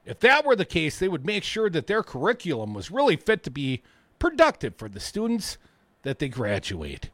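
A man's voice: fairly high pitch, wildly swooping pitch, fairly bright tone, no echo, full character voice. A man doing a whiny politician impression. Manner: whiny, halting.

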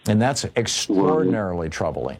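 A man's voice: sits low, expressive, darkish tone. A man hosting a political call-in radio show, sarcastic about the news and then earnest and alarmed, often restarting his sentences. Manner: halting, with repeated restarts. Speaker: radio talk show host.

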